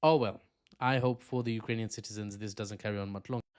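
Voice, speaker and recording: A man's voice: fairly low pitch, fairly even intonation, fast, darkish tone, clear, resonant tone. A man talking through geopolitical analysis in a casual, unscripted way, with asides and emphatic stresses. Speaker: online political commentator.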